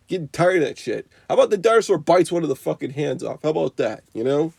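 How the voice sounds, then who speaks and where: Young male reviewer, raised mellow voice, dry sound, loose and profane rant style. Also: on the high side, very animated, quick pace, gravelly, few pauses, husky, no room sound. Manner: profane, rambling, full of "you know" and "like". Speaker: movie reviewer. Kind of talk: unscripted rambling rant.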